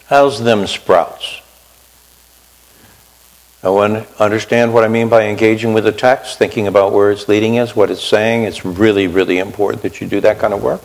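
A man preaching a sermon in a conversational way, often asking his listeners questions. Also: lowish voice. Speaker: pastor. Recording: long reverb of a hall.

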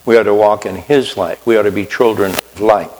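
A man's voice: lowish voice, steady tone, fairly quick, a little mellow, a little hiss or hum. Guy preaching a sermon, chatty, keeps asking the room questions, long hall echo. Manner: conversational, asks listeners questions. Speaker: pastor.

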